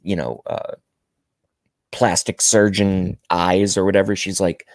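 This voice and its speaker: A man with a low-pitched voice rants his way through a political monologue, emphatic and indignant, hammering his points by repeating them. The sound is dry and close, with no room around it. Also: fairly even intonation, measured pace, creaky, darkish tone, no room sound. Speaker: political commentary vlogger. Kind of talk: ranting monologue.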